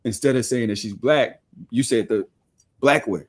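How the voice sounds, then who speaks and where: A man's voice: medium pitch, moderate pace. A man hosting a podcast in casual chat, blunt, swearing freely and pushing back on others.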